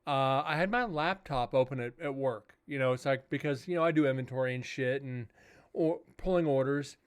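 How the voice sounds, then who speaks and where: A man's voice: medium pitch, normal speed, smooth. A man hosting a livestream as a paranormal investigator, chatting casually and telling rambling, profane stories.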